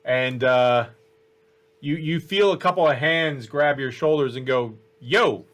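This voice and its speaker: Give me a man narrating a tabletop game slowly, with lots of ums and pauses. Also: mid-range voice, a bit bright. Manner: slow, halting narration with many fillers. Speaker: game master.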